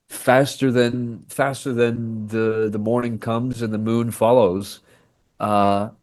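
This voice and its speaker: A male actor speaking as a podcast guest, his voice sitting a little low. He tells stories in a loose, animated way, slipping into the voices of the people he quotes. The sound is dry and close, with no room echo. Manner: animated storyteller who acts out quoted dialogue. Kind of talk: casual podcast interview.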